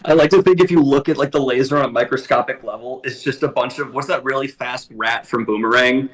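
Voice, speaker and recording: A man's voice: medium pitch, quick pace, rough recording. A man playing in a tabletop game, joking and teasing the others. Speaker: player. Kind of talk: casual tabletop play.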